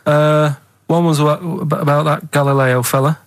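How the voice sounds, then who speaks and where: A man's voice: a little high, steady tone, normal speed, no echo. A man chatting on a radio show, vague and unsure, rambling through half-remembered facts. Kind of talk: casual radio chat. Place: radio studio.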